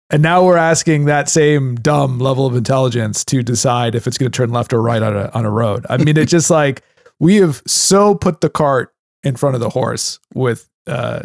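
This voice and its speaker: A man's voice: fairly high pitch, no room sound, studio quality. A man co-hosting a podcast in casual chat, ranting in a sarcastic, profane, fired-up way. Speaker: podcast co-host.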